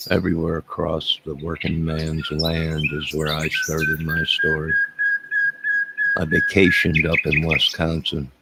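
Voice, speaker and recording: A middle-aged man with a rumbling, gravelly low voice hosts a live stream, rambling and cracking jokes as he answers his chat. Loud birdsong chirps behind him, and the background noise is heavy.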